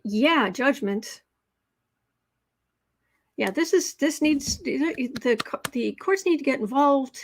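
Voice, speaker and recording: A woman with a somewhat high voice runs a live political tarot reading and talks casually with her viewers. She reads their comments aloud, fills gaps with ums and restarts, and hammers points home by saying the same word again and again. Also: expressive, slow pace, pauses often. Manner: emphatic repetition. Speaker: tarot livestream host.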